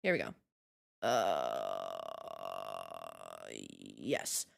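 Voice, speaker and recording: A woman's voice: rumbling low, wildly swooping pitch, very slow, gravelly. A woman streamer chatting casually on a live stream, ranting in an exasperated way and laughing often.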